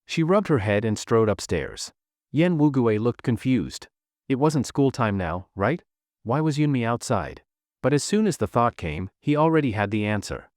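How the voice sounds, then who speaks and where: A man's voice: mid-range voice, dry recording, studio quality. A man narrating a recap of a web comic in a dramatic storytelling manner.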